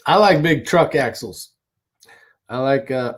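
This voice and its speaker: Talking at a normal speed in a voice on the high side, a man hosts a laid-back live stream. He greets people, reads viewer comments, answers questions, and rambles chattily with casual swearing.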